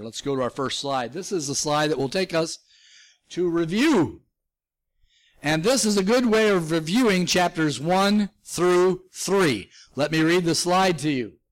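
A man preaching a Bible teaching sermon from slides, emphatic and punctuated with chuckles. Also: fairly bright tone. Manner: emphatic, with frequent pitch jumps and chuckles. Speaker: pastor.

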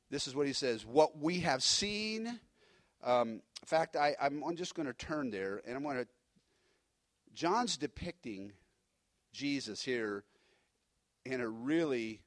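A man who is a pastor, preaching a sermon in an emphatic, animated way with frequent restarts. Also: a little high, no room sound.

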